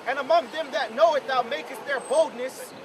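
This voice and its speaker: A man reading scripture aloud outdoors, slowly and deliberately. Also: very high voice. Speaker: scripture reader. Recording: outdoor street with background noise, slightly off-mic.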